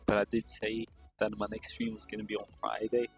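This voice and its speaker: A man's voice: lowish voice, completely flat delivery, a little fast, vocal fry, faint music behind. A male streamer chatting casually on a live stream, tired and rambling in a self-deprecating way.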